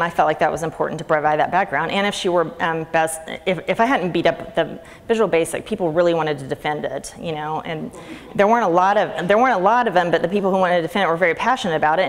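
Casting: middle-aged woman, low gravelly voice, snarky and chatty, speaking in a reverberant hall. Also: fast. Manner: chatty, sarcastic, laughs often. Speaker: conference speaker. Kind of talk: conference talk. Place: lecture hall. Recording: reverberant hall with faint ambient noise.

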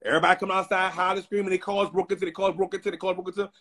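Loud husky man telling a wild story. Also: high voice, flat delivery, racing. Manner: loud, dramatic, slangy, bursts into shouting. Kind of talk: animated storytelling rant.

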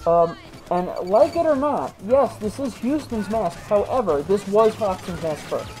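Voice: medium pitch, expressive, measured pace, a little mellow, rough recording. A video game host chatting casually while playing, rambling through stories with many restarts. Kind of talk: casual let's-play commentary.

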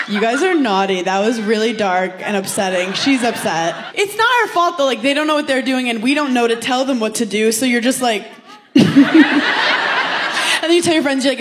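A woman stand-up comedian in her thirties teasing the audience with brash, quick banter on a club stage. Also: on the high side. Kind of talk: stand-up crowd work. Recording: live club recording with crowd noise. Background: audience laughter and noise.

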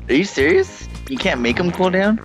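A man's voice: high-pitched, huge pitch swings, normal speed, soft background music. A man co-hosting a game video, tossing in dry, joking asides. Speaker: let's play co-host. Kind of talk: casual banter.

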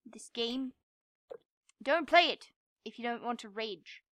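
A young woman playing a game and commenting, frustrated, swearing and yelling at it. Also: a little high, slow pace, a little hiss or hum. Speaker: gamer. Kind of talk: gameplay commentary.

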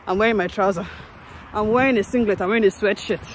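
A woman's voice: mid-range voice, fast talker, slight background noise. A woman, chatting casually to her viewers in a vlog and laughing often, recorded outdoors in winter on a phone. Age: 30s. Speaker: vlogger. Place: outdoors in winter, streets and snow.

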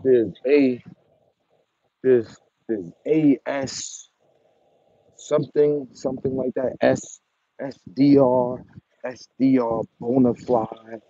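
A man's voice: mid-range voice, fairly even intonation, slow, long pauses, warm tone, husky, no echo. A man who breeds dogs, ranting at his viewers in a taunting, repetitive, mocking way with chuckles. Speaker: dog breeder. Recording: dull lo-fi recording.

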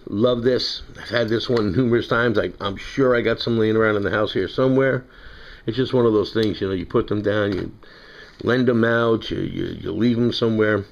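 Casual New York guy, lower pitch, rambling product-review talk, muffled lo-fi sound. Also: gravelly. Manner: rambling, chatty, self-correcting. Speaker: knife collector reviewing knives.

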